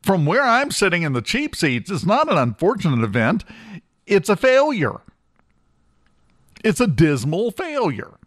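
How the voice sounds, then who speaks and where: A man's voice: high-pitched, huge pitch swings, measured pace, pauses often, fairly bright tone, no room sound. A man hosting a talk radio show in a studio, delivering a blunt, sarcastic opinion monologue with emphatic repetition.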